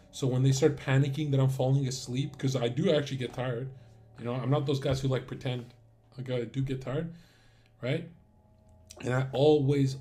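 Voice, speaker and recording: A man's voice: mid-range voice, mellow. A man streamer talking in a casual, crude and rambling monologue full of swearing.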